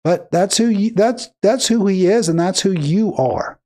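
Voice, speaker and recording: A man's voice: high-pitched, a little slow, dark tone. Indignant male political commentator. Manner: indignant, emphatic, rising to heated bursts. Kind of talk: reacting to clips with commentary.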